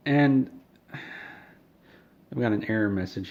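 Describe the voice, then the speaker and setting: A man telling an absurd comic story in a rambling, self-deprecating deadpan, on a dull lo-fi home recording. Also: medium pitch, a little slow, pauses often. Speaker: comedic storyteller.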